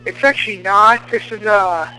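A man on the radio making a prank call in a muffled put-on voice, deadpan and halting with many hesitations. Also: high-pitched. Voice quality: muffled, as if through a pillow. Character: prank caller faking a rapper's voice, muffled. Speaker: prank caller.

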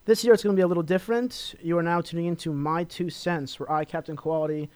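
Fast-talking and fairly high-pitched, a young man from Los Angeles, California keeps a steady, darkish tone with no room sound. He hosts a college radio show alone, rambling casually with many fillers as he promotes himself.

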